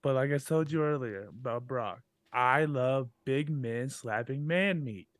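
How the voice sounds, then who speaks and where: A man's voice: medium pitch, a little slow, no echo. Joking man, dry close sound. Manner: joking, animated storytelling about drinking. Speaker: podcast co-host. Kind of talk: casual chat.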